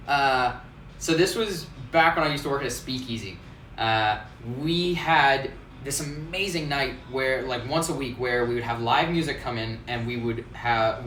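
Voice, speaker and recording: A man's voice: mid-range voice, a little hiss or hum. A man, a bartender hosting his own show, telling a story casually, laughing often and acting out what people said. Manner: animated, laughs often, acts out quotes. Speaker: bartender and host. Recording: roomy, distant mic, faint ambience.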